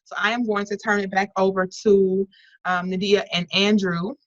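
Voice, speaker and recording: A woman's voice: medium pitch, level tone, moderate pace, no echo, muffled recording. A woman leading an online workshop, talking earnestly and conversationally with frequent restarts and fillers over a video call. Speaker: workshop facilitator.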